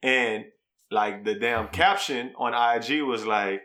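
Young male podcast co-host, bright voice, loose joking delivery, rambling tales. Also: mid-range voice, takes it slowly. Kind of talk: casual chat.

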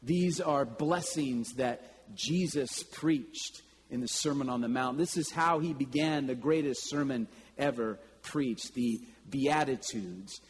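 A man preaching a sermon, telling stories in a slow, deliberate way and breaking into sudden loud calls. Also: mid-range voice, slight background noise. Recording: long reverb with faint ambience.

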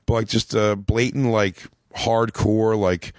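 A man's voice: on the low side, takes it slowly, dry recording, studio quality. A man in his late thirties from Philadelphia, a comedian telling stories in casual chat, rambling and acting out the people in his stories. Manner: rambling, animated storyteller acting out quotes. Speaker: comedian guest.

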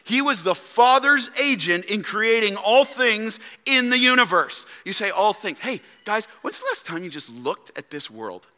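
Emphatic high-voiced preacher in a reverberant hall. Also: male voice, sing-song, normal speed, hardly any pauses. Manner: emphatic preaching, swinging from loud declarations to hushed low asides. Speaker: pastor. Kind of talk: sermon. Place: church sanctuary.

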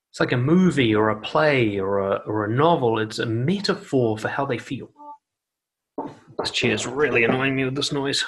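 A man giving blunt, casual dating advice, swearing freely and acting out quoted voices, seated indoors. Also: mid-range voice. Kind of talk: casual advice monologue to camera. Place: seated indoors on a noisy chair.

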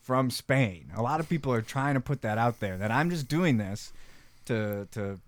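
A man's voice: mid-range voice, lively intonation, normal speed, no echo. A man guesting on a comedy podcast, ranting defensively in a rambling way. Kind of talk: improvised comedy character rant.

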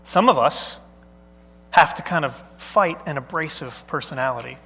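A long hall reverb fills the church sanctuary as a male pastor preaches at normal speed, his slightly high voice bright and forceful. Slight background noise is present, and he speaks conversationally, regularly posing questions to the congregation.

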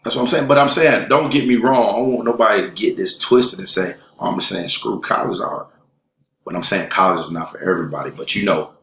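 A man's voice: fairly low pitch, quick pace, a bit bright. A man, an elementary school teacher, talking casually as a guest, emphatic and streetwise, speaking in run-on bursts. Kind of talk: casual chat. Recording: roomy echo.

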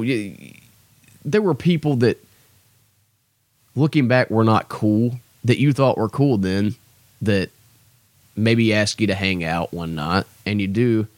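A young man hosts his own podcast, rambling casually and self-deprecatingly with lots of fillers in a solo chat. His voice is on the low side, and the recording is dry.

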